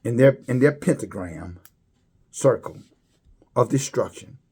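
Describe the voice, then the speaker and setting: A man preaching a religious commentary, halting and repeating words, his voice climbing high when he stresses a point. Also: expressive, warm tone, husky.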